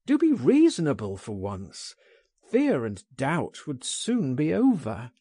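A man's voice: medium pitch, huge pitch swings, takes it slowly, warm tone, breathy edge, dry recording, clean studio sound, full character voice. A man doing an urgent, pleading friend. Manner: pleading, insistent, impatient.

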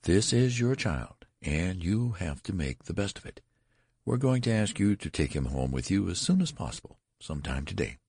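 A man's voice: low voice, sing-song, normal speed, a little mellow, slightly rough, dry recording, studio quality, voice pushed up, heavily acted. A man voicing a severe, no-nonsense hospital nurse in an audiobook. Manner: stern and clipped. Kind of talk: audiobook character voice.

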